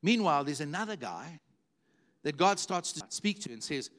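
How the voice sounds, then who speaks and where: A man's voice: on the high side, big pitch swings, normal speed, fairly bright tone. A middle-aged man preaching a sermon, telling stories animatedly and repeating words for emphasis. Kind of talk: sermon storytelling.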